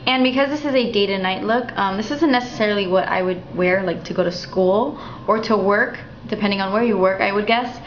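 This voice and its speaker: Young woman talking thru her makeup routine, relaxed and chatty, bit muffled, room echo. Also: medium pitch, a little fast, a little hiss or hum. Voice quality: chatty, relaxed, thinking aloud. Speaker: beauty vlogger. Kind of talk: makeup tutorial narration. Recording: dull, slightly roomy home recording.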